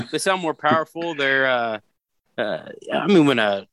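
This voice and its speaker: A man's voice: mid-range voice, lively intonation, measured pace, fairly bright tone. A man chatting on a podcast, hesitant with plenty of fillers. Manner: hesitant, lots of fillers, laughs easily. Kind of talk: casual podcast chat.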